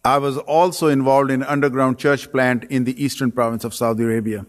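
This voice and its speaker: A man's voice: mid-range voice, fairly even intonation, fairly quick. A man who grew up in Pakistan. He preaches an earnest sermon as a guest missionary preacher, stacks phrases in threes and drops dry self-deprecating jokes. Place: church sanctuary. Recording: long reverb of a church sanctuary.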